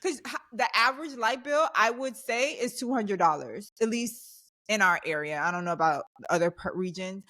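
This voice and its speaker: Young woman on a podcast going off, heated and emphatic, mid-pitched voice. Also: normal speed, few pauses, pushed and bright. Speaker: podcast co-host. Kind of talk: casual chat.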